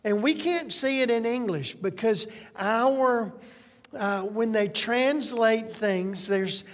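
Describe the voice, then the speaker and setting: A pastor delivers a sermon slowly and conversationally, often pausing to check in with the listeners. The voice sits at a middle pitch. It is recorded with long reverb in a hall. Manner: conversational, checks in with tag questions.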